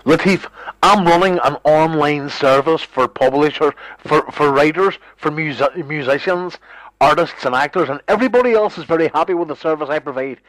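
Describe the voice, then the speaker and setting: A man's voice: a little high, moderate pace, a bit bright, no echo, low-quality recording. A man in a heated, sweary phone argument, talking over the other side and insisting on his point. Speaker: online promoter.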